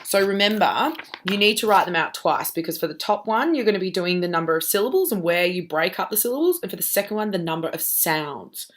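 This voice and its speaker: A woman's voice: fairly low pitch, lively intonation, a little fast. A woman teacher giving a recorded lesson, walking students through a task patiently and checking in with "okay?" after each step.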